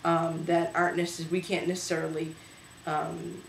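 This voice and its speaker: A woman's voice: low-pitched, little pitch movement, normal speed, creaky, soft background music. Chatty woman hosting in an echoey room. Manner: chatty, hesitant, many fillers. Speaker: host. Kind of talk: casual home video show. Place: home room.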